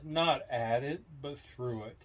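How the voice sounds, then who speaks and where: A man's voice: mid-range voice, slow, a crowd in the background. A middle-aged man co-hosting a casual podcast, telling a rambling story and acting out the quoted lines, mentioning brain fog. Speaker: podcast co-host. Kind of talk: casual chat.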